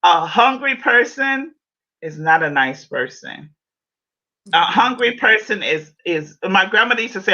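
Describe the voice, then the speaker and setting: A woman's voice: mid-range voice, a little slow. A woman hosting a podcast, chatting casually and playfully with her guest on a livestream call. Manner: animated, playful, repeats herself. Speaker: podcast host. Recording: dull lo-fi sound.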